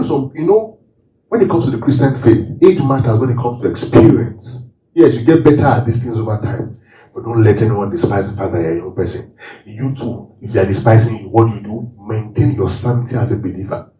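Pastor leading call-and-response Bible reading. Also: male voice, mid-range voice, lively intonation, brisk, dark tone, a little hiss or hum. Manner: leads the congregation through call-and-response reading. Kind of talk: sermon. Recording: roomy hall, voice from far off.

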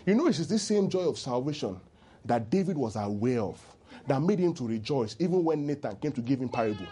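A man preaching a sermon as pastor, animated and teasing, leading the congregation in call-and-response. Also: mid-range voice, fairly quick, breathy edge.

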